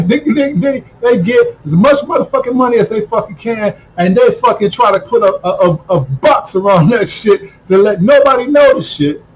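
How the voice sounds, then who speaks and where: Guy with a really high voice going off in an angry rant, swearing nonstop, shouts now and then. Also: slight background noise, poor audio. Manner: heated, repetitive, swears constantly, bursts into shouting. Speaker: video commentator. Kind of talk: profane ranting monologue.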